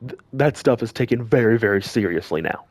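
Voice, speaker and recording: A gaming channel commentator rants angrily straight to camera, scolding his audience and repeating lines for emphasis. His medium-pitched voice is brisk and darkish with lively intonation, and there's no echo.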